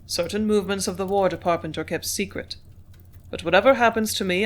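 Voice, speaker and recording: A steady, businesslike male manager in an audiobook, measured and composed as he dictates. A reader voices him in a plain reading voice with a middle pitch. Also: lightly acted. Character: business-minded company manager, man.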